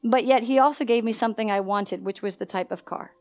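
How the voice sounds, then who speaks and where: A woman's voice: a little high, quick pace, soft background music. A woman pastor preaching a sermon at a conference, asking the congregation to finish her sentences and telling personal stories. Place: church hall.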